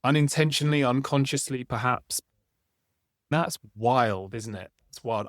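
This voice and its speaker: A man's voice: medium pitch, moderate pace, no echo, studio quality. A man hosting a podcast, talking in a reflective, conversational way and often ending with tag questions. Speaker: podcast host. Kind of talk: casual conversation.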